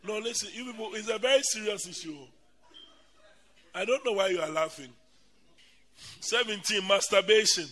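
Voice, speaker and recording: Animated high-voiced preacher man. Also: normal speed, pauses often. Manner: animated, bursts into loud emphatic shouts and laughter; lists items in a loud, stressed cadence. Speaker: bishop preaching. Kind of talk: sermon with comic storytelling.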